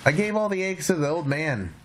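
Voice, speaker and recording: A man streaming a video game, bantering loudly, joking and swearing as he plays. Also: a little high, animated, brisk, slight background noise. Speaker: gaming streamer. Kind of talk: casual gameplay chat. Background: game music.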